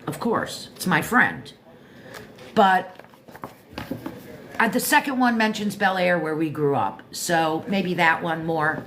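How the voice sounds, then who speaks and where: An older woman from Florida with a low, deep voice, hosting her own show and chatting casually about a book, self-joking and talking straight to listeners. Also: takes it slowly, long pauses, a bit bright, a little hiss or hum. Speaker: show host reviewing a book. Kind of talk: casual rambling monologue.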